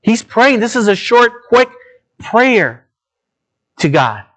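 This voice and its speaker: A man preaching a sermon as pastor, talking straight to his listeners and moving between low, slow emphasis and raised, urgent appeals. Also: very animated, fairly bright tone. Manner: earnest, direct address to listeners.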